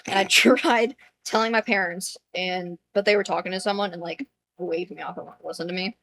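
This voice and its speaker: A woman's voice: medium pitch, steady tone, a little fast, a bit bright, slight background noise. A woman co-hosting a casual podcast, telling a dream and making dry, understated remarks. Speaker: podcast co-host.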